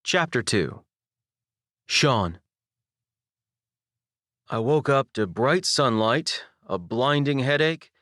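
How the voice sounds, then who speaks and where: A young man narrating a first-person audiobook with intimate, expressive storytelling. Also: lowish voice, no echo, studio quality. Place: dry recording booth. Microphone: studio microphone.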